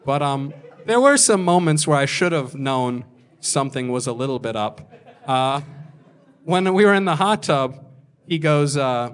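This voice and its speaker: A man doing stand-up at a comedy club, telling a long story in a deadpan way and acting out what people said. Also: medium pitch, normal speed, clear, resonant tone. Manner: deadpan delivery with acted-out quotes.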